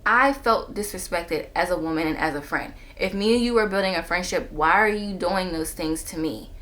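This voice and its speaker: A woman talking straight to her camera in a casual storytime monologue, retelling a story with animated jumps in pitch when she quotes people. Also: moderate pace. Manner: animated retelling, jumping up in pitch when quoting herself and others. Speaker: vlogger telling a personal story. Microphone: camera on a stand.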